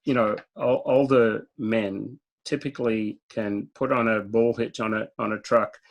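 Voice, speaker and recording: A man's voice: lowish voice, fairly even intonation, measured pace, vocal fry, rough recording. A man with an Australian accent, a guest in a casual interview, talking directly and telling stories with frequent chuckles. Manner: direct, storytelling, chuckles often. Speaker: guest speaker.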